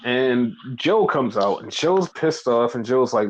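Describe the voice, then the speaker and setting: A man hosting a podcast, casually recapping wrestling in a profane, animated way and acting out what people said. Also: medium pitch, unhurried, few pauses, poor audio. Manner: animated, profane, acts out quoted lines. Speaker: podcast host.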